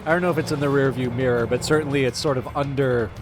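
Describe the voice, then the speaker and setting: A man's voice: mid-range voice, steady tone, fast talker. Rambling male streamer over game music. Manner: rambling, hesitant, many fillers and restarts. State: mouth full of food. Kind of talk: casual live-stream chat.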